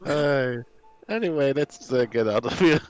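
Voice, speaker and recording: A man's voice: medium pitch, expressive, a little slow, faint music behind. A man chatting casually as a player at a tabletop game, joking and matter-of-fact.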